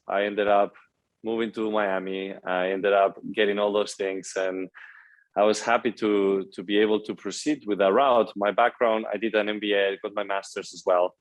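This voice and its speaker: Guesting on a laid-back interview, this twenty-something from Spain speaks with a Spanish accent in a lowish voice. He comes across as cheerful and keen, leaning often on "you know," and the recording is low quality.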